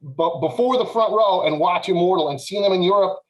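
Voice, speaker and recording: Casual guy on a podcast, fairly high voice, lots of uhs, animated. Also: fairly quick, poor audio. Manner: animated, lots of filler words. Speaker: podcast panelist. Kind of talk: casual storytelling.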